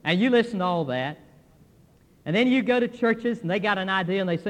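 An older male pastor preaching a folksy, animated sermon, acting out what church members tell him. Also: high-pitched, fairly quick. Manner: folksy, animated preaching with quoted voices and laughs. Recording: long hall reverb.

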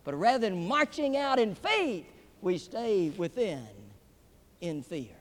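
High-pitched preacher in a reverberant hall. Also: male voice, very animated, slow. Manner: emphatic, swinging between loud peaks and hushed drops. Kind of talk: sermon. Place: large hall with a live audience.

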